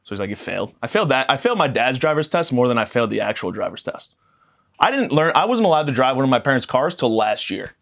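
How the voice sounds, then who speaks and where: A man's voice: medium pitch, big pitch swings, fast talker, a bit bright. Profane man ranting for laughs. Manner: profane, rambling, mock-outraged. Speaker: podcast guest. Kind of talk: comedic storytelling rant.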